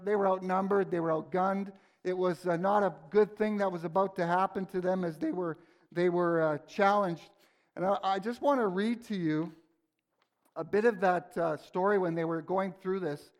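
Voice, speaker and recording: A man preaching a sermon in a church, praying and teaching with fervent, emphatic repetition. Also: high-pitched. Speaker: pastor. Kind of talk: sermon with prayer. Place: church sanctuary.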